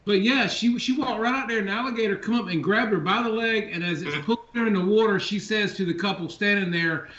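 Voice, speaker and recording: A middle-aged host spins drawn-out, folksy stories in easy casual chat. His voice sits high for a man. The sound is roomy and a little dull, like a lo-fi call recording. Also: a bit bright. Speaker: podcast host.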